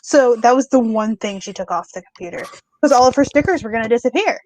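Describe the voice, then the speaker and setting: A woman's voice: a little high, animated, quick pace, darkish tone, a little hiss or hum. A woman chatting in a friendly, talkative way as a guest joining a livestream over a video call. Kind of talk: casual chat.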